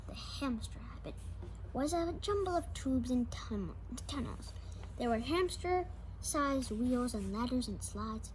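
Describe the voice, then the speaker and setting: A woman reads a children's picture book aloud in a high voice, stumbling now and then and restarting a word. She adds small asides as she goes. A faint room hum stays under her. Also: animated, slow pace. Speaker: storybook reader.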